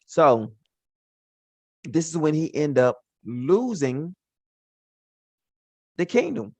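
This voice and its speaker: A man with a fairly high voice teaches scripture casually and in slang. He acts out the characters' words as he retells the stories. The sound is dry and close. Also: sing-song, extremely slow, pauses often, darkish tone, no echo, muffled recording. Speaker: Bible teacher. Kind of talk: informal Bible teaching.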